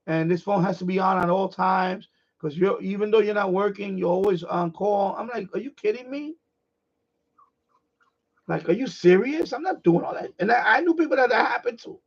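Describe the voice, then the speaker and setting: A middle-aged man hosting a live stream, ranting in a blunt, profane, animated way in casual chat. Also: high voice, gravelly, lo-fi sound.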